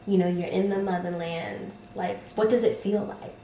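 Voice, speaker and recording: A woman chatting casually with her partner on a vlog, curious and quick to laugh, prompting his story with questions. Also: on the low side, steady tone, dark tone, slight background noise. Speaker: vlog co-host. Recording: roomy echo.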